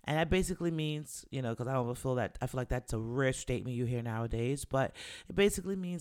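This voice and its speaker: A man who makes music speaks casually in a monologue. He is candid and animated, swears freely, and acts out things his friends said. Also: medium pitch, a little fast. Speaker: musician, rapper.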